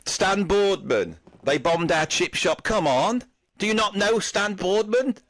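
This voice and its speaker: A man's voice: high voice, lively intonation, measured pace, a bit bright, no room sound. A man hosting a silly chat with puppets, telling rambling anecdotes and laughing a lot. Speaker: host.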